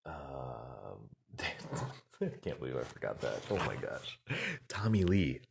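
A man's voice: extremely low pitch, very animated, slow, gravelly, darkish tone, breathy edge. A man giving an earnest, motivational casual talk, rambling with fillers and repeated words.

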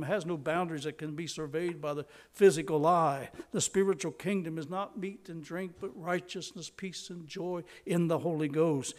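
An older man delivering a sermon with a dramatic, varied cadence. His voice sits somewhat high for a man. He stretches out key phrases and sinks to a whisper for emphasis. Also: a little mellow. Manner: dramatic preaching, slows for emphasis, drops to a whisper. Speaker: preacher.

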